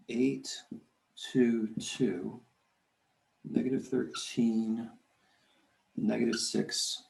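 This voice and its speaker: A man's voice: mid-range voice, gravelly, roomy sound. A man teaching a math lecture, talking himself through the arithmetic and muttering curses under his breath. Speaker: math instructor. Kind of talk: recorded classroom lecture.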